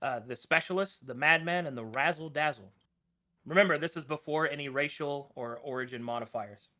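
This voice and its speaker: Bright-voiced game master, man. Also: fairly high pitch. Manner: brisk, upbeat instructions. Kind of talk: explaining game rules.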